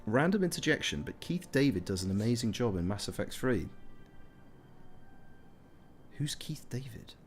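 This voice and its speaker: Chatty man doing animated game commentary. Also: medium pitch, a little fast, faint music behind. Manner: chatty, jokey, rambling asides, bursts into silly voices. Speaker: gameplay commentator. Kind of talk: casual let's-play commentary.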